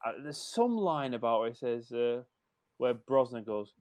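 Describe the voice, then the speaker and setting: A man's voice: mid-range voice, very animated, measured pace, darkish tone. A man chatting casually on a podcast about a film, quoting favourite lines and laughing often. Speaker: podcast guest.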